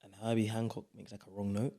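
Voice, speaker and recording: A young man, a podcast guest in casual, animated chat. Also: fairly low pitch, vocal fry. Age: young adult. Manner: animated, playful, quick bursts of emphasis.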